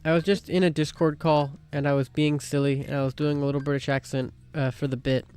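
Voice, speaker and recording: A woman with a lowish voice chats casually on a game stream. She needles her friend in a dry, mock-grumpy way. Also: level tone, fairly quick, darkish tone, clean tone, soft background music. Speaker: guest co-player.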